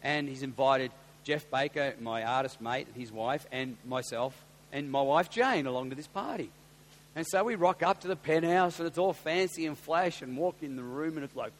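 An Australian man and pastor tells a story in a sermon, animated and getting loud when excited. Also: medium pitch, a little fast. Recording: long hall reverb with faint hum.

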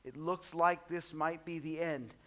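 High-pitched guy preaching, goes from quiet asides to loud bursts, jokey and chatty. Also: steady tone, unhurried. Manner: dynamic, swinging between soft low asides and loud high exclamations; conversational and humorous, acts out voices of the disciples. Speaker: pastor. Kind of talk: sermon.

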